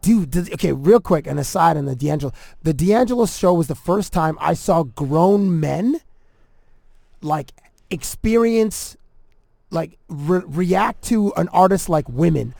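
A man's voice: on the high side, animated, vocal fry, mellow, no echo. A man hosting a podcast in casual chat, rambling and laughing easily with his guests. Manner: laid-back, rambling, quick laughs. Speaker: podcast host.

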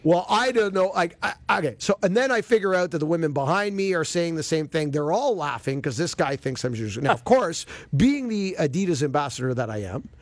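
Animated male radio golf host. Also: on the high side, a little fast, few pauses, no room sound. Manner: animated, expressive storyteller. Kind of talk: casual storytelling chat.

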